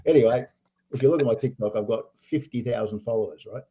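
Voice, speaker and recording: An older Australian man, a poker player, telling animated anecdotes full of acted-out quotes. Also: medium pitch, fast, a little hiss or hum. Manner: animated storyteller acting out quotes, laughing. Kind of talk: storytelling anecdotes.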